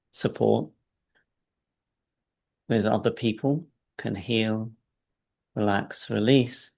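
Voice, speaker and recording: Creaky-voiced male coach, soft and steady. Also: lowish voice. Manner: calm and soft-spoken in guidance, animated when telling stories; frequent "right?" check-ins, laughs between points. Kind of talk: guided coaching session.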